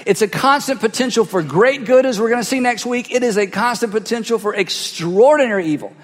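A pastor delivering a sermon through a cheek-worn headset mic, swinging from loud bursts to hushed asides as he acts out voices. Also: very high-pitched, fairly quick, big-room sound. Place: large church hall.

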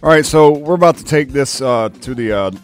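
A man running a comic news segment on a radio show, delivering odd stories with wry amusement. His voice sits at an ordinary mid pitch. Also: fairly quick, soft background music.

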